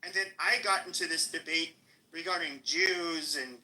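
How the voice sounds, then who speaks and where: A man's voice: on the high side, normal speed, pushed and bright, rough recording. A man with an American accent hosting a live podcast stream, taunting and cursing at a rival in a heated rant. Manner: aggressive, taunting, profane. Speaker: podcast host.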